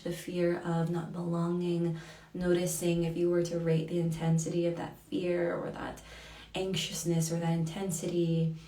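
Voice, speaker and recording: A woman leading a live tapping circle, talking softly and devotionally and greeting viewers by name. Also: lowish voice, reverberant, recorded from a distance. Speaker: EFT tapping facilitator. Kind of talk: guided tapping livestream.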